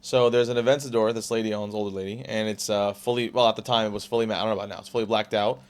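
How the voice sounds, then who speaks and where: Brief: young man in his 20s, fast-talking podcast guest, rambling and restarting, plain casual delivery. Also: lowish voice, fairly even intonation, smooth. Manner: rapid, rambling, full of "like" and restarts. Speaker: podcast guest, car salesman. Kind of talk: casual storytelling.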